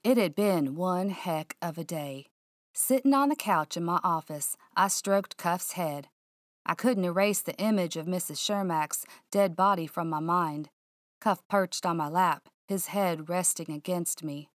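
A woman narrating a first-person mystery audiobook in a hushed, suspenseful, drawling way. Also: lowish voice, unhurried, dry recording, studio quality.

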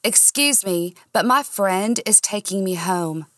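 A woman reading the part of a drunk, heartbroken young Southern woman who lashes out in a shrill voice. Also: animated, measured pace, a bit bright, dry recording. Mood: upset. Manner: shrill, lashing out.

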